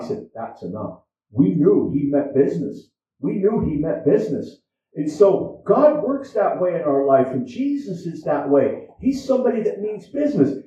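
A man's voice: sits high, dark tone. A man preaching a sermon as pastor, in a conversational style that repeats its points. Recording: echoey, dull sound from far off.

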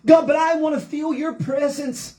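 Fervent high-voiced woman preacher. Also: fairly even intonation, moderate pace, warm tone, low-quality recording. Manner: fervent preaching, quoting scripture aloud. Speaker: Pentecostal preacher. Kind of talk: sermon.

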